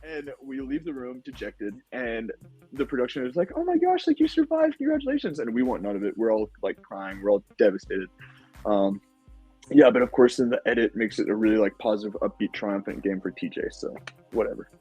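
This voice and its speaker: A young man with a husky, breathy voice, chatting as a podcast guest. He tells his story with lively energy, leans on "like" and "dude", and jumps into high-pitched voices to act out what others said. Faint music plays behind him. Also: brisk, highs cut off. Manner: animated storytelling, acts out quotes in high voices; says "like" and "dude" a lot. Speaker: podcast guest, former contestant. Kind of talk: casual podcast interview.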